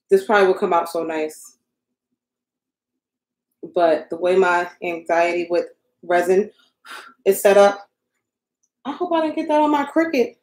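A young woman hosting a casual live stream, flustered and joking at her own expense as she crafts and talks to viewers in her home craft room. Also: medium pitch. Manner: joking, self-mocking. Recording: roomy echo.

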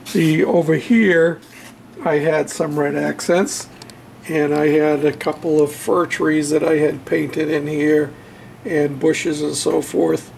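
Slow, gravelly man in his workshop. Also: fairly high pitch, steady tone, darkish tone, slight background noise. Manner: unhurried, halting, with many fillers. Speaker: model railroad hobbyist showing his painted backdrop. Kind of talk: casual show-and-tell.

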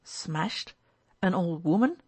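An uneasy, reproachful young man who presses his friend with worried questions, as a woman narrator reads him. The voice sits a little higher than her narration, and the recording is close and dry. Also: animated, slow, darkish tone, breathy edge, no room sound, heavily acted.

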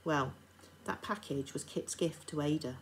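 A stern lady of the manor, still a grieving mother, speaking low and grave, as a woman reads her lines aloud. She gives commands one moment and halts over her words the next. Her voice is deep for a woman. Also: a little slow, a little hiss or hum, poor audio.

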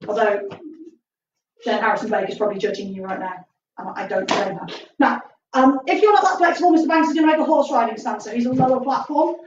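A woman's voice: on the high side, fast. A woman martial arts instructor leading a live online stretching class, chatty and upbeat with jokey asides. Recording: distant, roomy, dull with faint noise.

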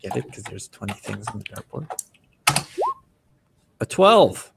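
A man running a tabletop role-playing game as game master, narrating the scene with lively storytelling. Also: lowish voice, a little slow, creaky, recorded from a distance, heavy background noise. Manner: lively storytelling, slipping into character voices.

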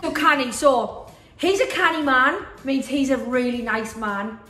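Geordie woman laughing and explaining words, bright sharp tone, echoey room. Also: sits high, a little slow. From Newcastle, England. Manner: cheerful, laughing, explains slang. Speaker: guest. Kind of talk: casual chat.

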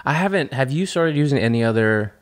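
A man co-hosting a podcast, chatting casually and asking short, quick questions. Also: medium pitch, expressive. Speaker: podcast co-host.

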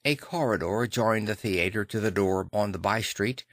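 A man narrating a classic novel audiobook in a measured, dramatic way on a close microphone. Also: lowish voice, a bit bright, no echo.

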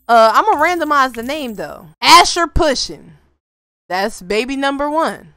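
Excitable young woman narrating gameplay. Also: high-pitched, measured pace, dry recording, soft background music. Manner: excitable, loud outbursts and laughter; talks to viewers in casual slang. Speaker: gaming video creator. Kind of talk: casual gameplay commentary.

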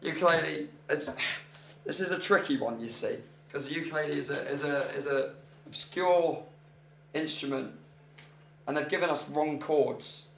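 A man's voice: a little high, normal speed, gravelly, a bit bright, slight background noise. Playful young guy with ukulele. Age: young adult. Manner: playful, sings lines to a ukulele. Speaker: co-host. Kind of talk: comedic banter while songwriting.

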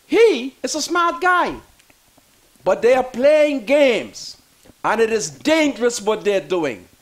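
Here a man with a Bahamian accent gives heated, sermon-style political commentary, restating phrases for effect and climbing into shouting. His pitch is extremely high.

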